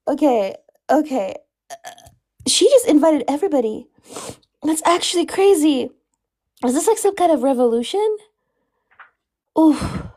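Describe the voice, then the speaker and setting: Breathless high-voiced laughing woman. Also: a little mellow. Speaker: livestream host. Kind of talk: casual livestream chat.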